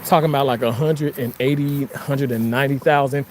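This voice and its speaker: A vlogger walking outdoors on a sidewalk, talking to viewers in rambling, profane, excitable commentary. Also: mid-range voice, brisk. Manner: profane, excitable, bursts into sung snippets and laughter. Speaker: vlogger streaming on a walk. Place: outdoors on a street sidewalk with trees and cars. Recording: noisy outdoor street recording.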